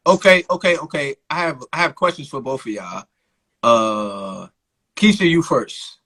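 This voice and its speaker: Bright-voiced, husky male host. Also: mid-range voice, expressive, unhurried, poor audio. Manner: upbeat, prompting questions. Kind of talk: casual podcast chat.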